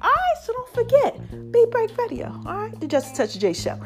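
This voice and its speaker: A podcast host with a high, breathless voice delivers a brisk, casual monologue to her listeners over music. She's animated and preachy, hyping her shows and calling her audience "y'all" and "baby".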